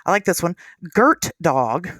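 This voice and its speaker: Podcast host, from the US, casual chat, animated pitch, laughs often, dry sound. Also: a little slow, no echo. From United States.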